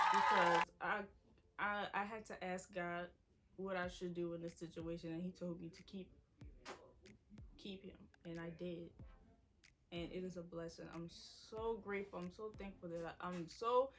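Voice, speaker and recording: A woman's voice: lowish voice, fairly bright tone. A woman, casually telling an emotional personal story to the camera. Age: 20s. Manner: casual, quoting people in her story. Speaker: vlogger.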